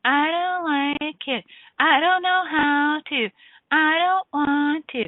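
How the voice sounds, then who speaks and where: A sulky little child whining in a high, drawn-out voice, as a woman puts it on, stretching each complaint slowly. The sound is thin and tinny, like a phone line, and completely dry. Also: dry recording. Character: whining, sulky young child refusing chores.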